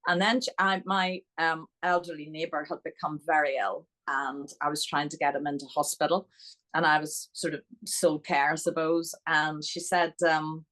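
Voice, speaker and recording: A woman with a Northern Irish accent, a guest telling chatty, animated stories in a podcast interview. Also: sits low, a little fast, poor audio.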